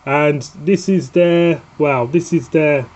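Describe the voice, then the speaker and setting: A man with a Northern English accent rambles through a casual beer review at home. His voice sits a little high and mellow, and the recording is dull and lo-fi. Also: slow. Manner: chatty, rambling, scolds his dog between lines.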